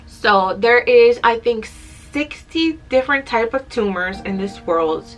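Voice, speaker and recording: A woman's voice: on the high side, lively intonation, unhurried. A young adult woman telling a personal story in a casual vlog, chatty and emotional at times. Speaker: vlogger.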